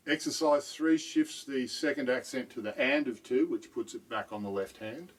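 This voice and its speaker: A man's voice: mid-range voice, normal speed, hardly any pauses, far from the mic. A man teaching drum technique in a patient video lesson, often checking in with "right?".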